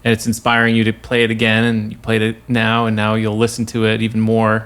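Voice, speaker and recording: A man's voice: fairly low pitch, completely flat delivery, brisk, a bit bright, clean tone. A man co-hosting a podcast, easygoing and talking in long run-on thoughts. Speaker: podcast co-host. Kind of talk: casual chat.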